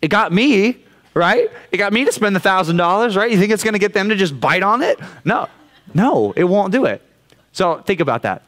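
Chatty Californian youth pastor, higher voice. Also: male voice, lively intonation, moderate pace, fairly bright tone. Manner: conversational, keeps asking "right?". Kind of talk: casual youth sermon. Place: church youth room.

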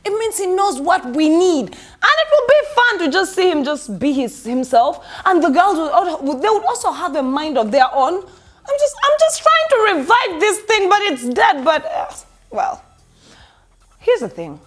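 A woman's voice: extremely high pitch, sing-song, measured pace. A young woman hosting a celebrity gossip show, sarcastic and laughing as she talks straight to viewers. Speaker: entertainment news host. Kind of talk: sassy celebrity gossip commentary.

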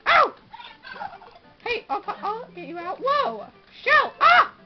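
A young woman playing a jumpy sidekick brother during a game, shrieking and chattering excitedly. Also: extremely high pitch, slow, full character voice. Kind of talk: goofy game commentary in character. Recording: dull lo-fi audio.

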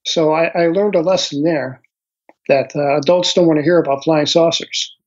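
A man in his sixties, a guest author recounting a personal experience slowly and thoughtfully, pausing often with ums and uhs. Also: a little high, steady tone. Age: 60s. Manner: slow, reflective storytelling with frequent pauses and fillers. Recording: dull lo-fi audio.

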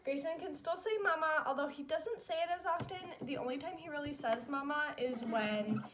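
A woman's voice: high voice, normal speed, crowd noise. A young woman vlogging as a mom, chatting fondly and casually with lots of fillers. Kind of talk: casual chat.

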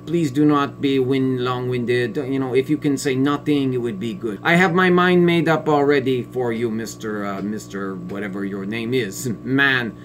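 A man playing a smug, biased female family court judge in a satirical sketch, talking in a pompous, condescending way with drawn-out sneering pauses. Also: mid-range voice, soft background music, lightly acted. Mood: sneering contempt. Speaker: comedic sketch performer.

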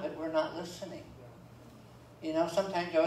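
A man's voice: a little high, level tone, a little fast, a little mellow. A man preaching a sermon as pastor, reading scripture aloud and adding folksy, joking asides. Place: church sanctuary. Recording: roomy church echo, from far off, faint room noise.

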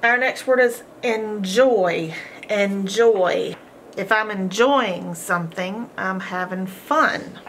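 A woman's voice: mid-range voice, slow, fairly bright tone, slight background noise. A woman teaching a homeschool phonics lesson, patiently sounding out each letter and syllable.

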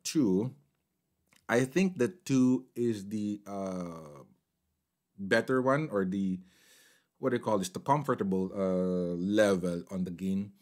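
A man's voice: fairly low pitch, darkish tone. Chatty man testing microphones. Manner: chatty, code-switching between English and Filipino phrases. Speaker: tech reviewer. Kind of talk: casual product review. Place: home desk setup. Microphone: condenser mics on desk at varying distance.

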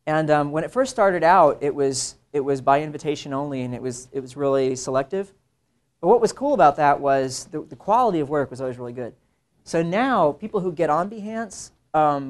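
A young adult man, an illustrator, giving a casual classroom talk to students, conversational and animated, slipping into mimicked voices for quoted asides. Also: fairly high pitch.

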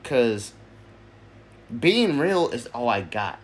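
A man's voice: mid-range voice, sing-song, slow pace. A man voicing his own brash, combative alter ego in a self-dialogue skit, swearing and firing off rhetorical questions. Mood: defiant.

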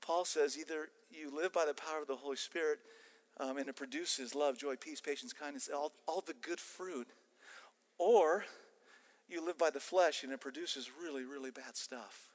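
An older man with an American accent preaching a sermon, animated and emphatic with casual asides. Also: a little high, normal speed. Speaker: pastor. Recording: long church-hall reverb.

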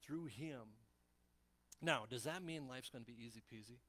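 Pastor guy preaching, bright punchy voice, kinda high, lots of um and restarts. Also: moderate pace. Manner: animated, acts out Bible scenes in voices; frequent restarts and fillers. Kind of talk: sermon.

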